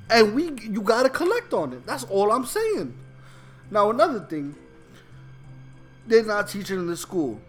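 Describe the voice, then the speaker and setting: A man voicing an older Italian-American mob boss who talks slow and threatening in tough-guy slang. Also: high-pitched, darkish tone. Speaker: podcast co-host.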